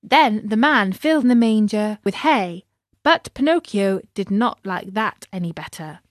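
A woman narrating a children's story in a gentle way, talking to young listeners. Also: mid-range voice, lively intonation, a little slow, dry recording, clean studio sound.

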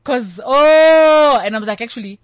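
A middle-aged woman with a South African accent, chatting and telling stories in an animated way, acting out the people she quotes. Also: mid-range voice, a little fast, dry recording. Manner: animated storyteller, acts out quoted voices. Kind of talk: casual chat.

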